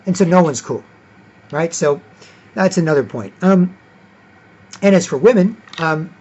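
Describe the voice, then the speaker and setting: A man with a husky, slightly raised voice holds forth in a rambling vlog lecture. He is emphatic and blunt, swears freely and keeps checking in with "right?". The recording is dull and lo-fi. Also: a little high, measured pace, a little mellow. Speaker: vlogger. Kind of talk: casual lecturing monologue.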